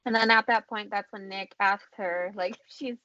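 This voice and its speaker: A woman's voice: medium pitch, fairly even intonation, normal speed, pushed and bright, dry recording, lo-fi sound. A woman in a casual movie recap chat, giggly, retelling scenes with laughs.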